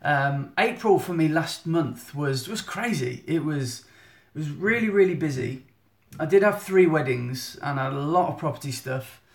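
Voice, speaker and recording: Guy in his thirties, casual live-stream host, slightly high voice, roomy phone sound. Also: animated, moderate pace, hardly any pauses. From England. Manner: chatty, rambling, self-interrupting. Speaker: photographer giving a monthly live update. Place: indoor room at home. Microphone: phone at arm's length. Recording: echoey room on phone.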